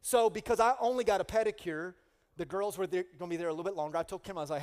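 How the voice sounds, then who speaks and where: Man, pastor, middle-aged, high voice, comic sermon storytelling, long hall reverb. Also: racing. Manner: animated, comic, with rising call-outs to the congregation. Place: church sanctuary.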